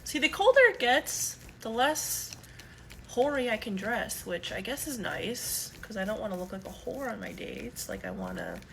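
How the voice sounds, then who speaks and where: Young woman vlogger, blunt chatty talk, animated pitch, noisy ambience behind. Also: normal speed, gravelly. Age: young adult. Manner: chatty, blunt, swears freely. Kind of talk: casual get-ready-with-me chat.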